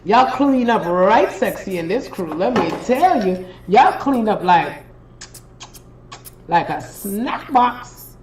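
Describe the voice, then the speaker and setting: A woman's voice: medium pitch, sing-song, slow pace, a little hiss or hum, low-quality recording. A woman hosting a live stream, giving an emphatic, preachy and profane motivational pep talk straight to her viewers. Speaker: spiritual reader and live-stream host.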